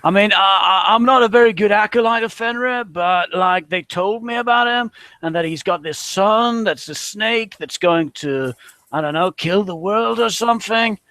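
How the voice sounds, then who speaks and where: A man's voice: sits high, normal speed, bright, forceful tone. A man voicing a young, easygoing male cult acolyte who hesitates, repeats his words and says "like" a lot. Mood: bemused.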